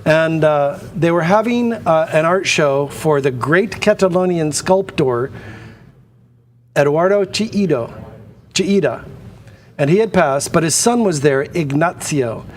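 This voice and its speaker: A man's voice: a little high, a little hiss or hum. A man hosting a live TV art auction, rambling and chatty, drifting into anecdotes. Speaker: auction show host. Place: studio.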